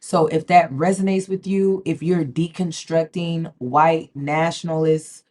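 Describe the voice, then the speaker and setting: A woman's voice: low-pitched, fairly even intonation, measured pace, a little mellow, slight background noise. A woman talks straight to her viewers in a casual vlog. She is emphatic, stumbles and repeats words, and keeps checking in with "okay?". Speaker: spiritual vlogger. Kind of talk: casual direct-to-camera talk.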